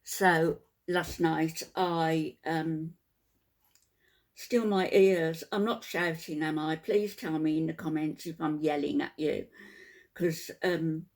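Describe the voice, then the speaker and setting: An older woman, softly spoken and tired after a sleepless night, chatting to her viewers in a halting way with many ums. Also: sits low, steady tone. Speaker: vlogger. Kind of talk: casual chat to camera.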